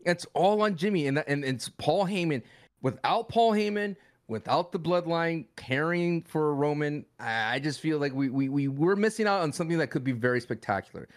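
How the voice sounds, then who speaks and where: Podcast co-host, male, animated and playful, slightly high voice. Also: normal speed. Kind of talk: casual wrestling podcast chat.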